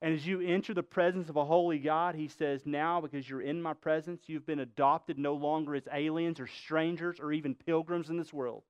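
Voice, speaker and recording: A man's voice: on the high side, fairly even intonation, a little fast, hardly any pauses, smooth, no room sound, highs cut off. A male pastor preaching a sermon, emphatic, quizzing the congregation with rhetorical questions.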